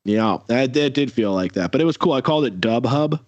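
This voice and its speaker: A man's voice: mid-range voice, lively intonation, a little fast, no echo. A man in a casual interview chat, rambling with many fillers and restarts over a video call. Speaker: musician guest. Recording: dull lo-fi audio.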